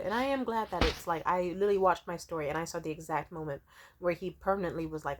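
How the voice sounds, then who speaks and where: A woman's voice: lowish voice, expressive, fast talker. A woman vlogger in a casual storytime rant, rambling and swearing freely, with constant "like" fillers. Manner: profane, rambling, many "like" fillers.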